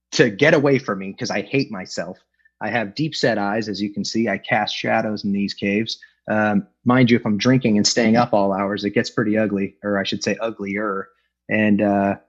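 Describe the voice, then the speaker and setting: A middle-aged man from Los Angeles shares his recovery story at an online meeting, candid and self-deprecating, with plenty of fillers. His voice is on the low side with a breathy edge, and the video-call audio sounds dull and lo-fi.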